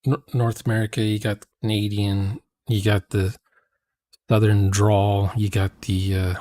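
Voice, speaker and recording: A man with a fairly low voice talks loosely about tabletop role-playing, in a relaxed, rambling way. He drifts between thoughts and fills the gaps with small hesitations. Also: unhurried, no echo. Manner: rambling, relaxed, trails off with fillers. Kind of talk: casual chat about role-playing games.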